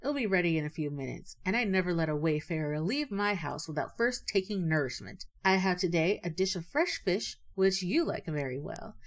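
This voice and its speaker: A woman's voice: lowish voice, animated, normal speed, hardly any pauses. Cunning male rabbit, sugary polite manners, as a woman reads him. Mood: courteous. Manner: courteous and sly. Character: sly scheming male rabbit, sweetly polite host.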